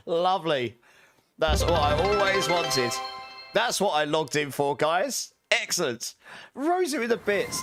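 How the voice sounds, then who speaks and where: A man's voice: mid-range voice, fairly bright tone, no room sound, studio quality. A man chatting casually on a live stream, upbeat and jokey, laughing often and thanking viewers by name. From Britain.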